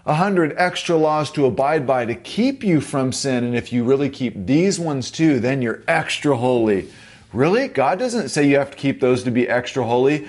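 A man delivers a sermon to his church in an animated, punchy way, firing off rhetorical questions. His voice sits at an ordinary middle pitch, neither deep nor high. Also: normal speed. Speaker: pastor.

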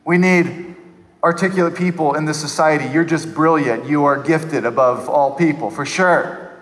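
A man preaching with a high, light voice, talking to the congregation like a friend and slipping into mimicry. The sound carries a long reverb from a large hall. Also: normal speed. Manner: animated, mimics people in funny voices. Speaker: pastor. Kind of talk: sermon.

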